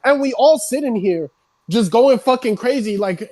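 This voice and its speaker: A streamer on a heated rant who swears constantly and builds up into shouting, voice starting to crack. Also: medium pitch, expressive, normal speed.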